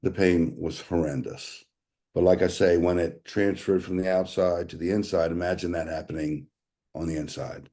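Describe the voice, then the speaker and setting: A man's voice: low-pitched, flat delivery, normal speed, warm tone. A man, earnestly telling his own story to an audience and calling them y'all. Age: 60s. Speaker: speaker sharing a health testimonial. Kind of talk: personal testimony to an audience.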